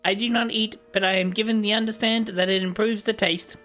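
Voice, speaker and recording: A game streamer voicing a polite robot construct guide, using a buzzing, gravelly rasp pushed through the throat. The lines come out stiff, courteous and explanatory. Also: medium pitch, steady tone, fairly quick, fairly bright tone, faint music behind, natural voice. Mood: polite formal. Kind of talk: reading a game character's lines aloud.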